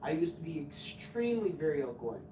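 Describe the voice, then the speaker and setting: A man's voice: on the high side, sing-song, brisk. A man in his forties telling crude, rambling stories on a live stream, swearing often. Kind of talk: casual storytelling on a live stream. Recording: echoey room, far from mic, noisy.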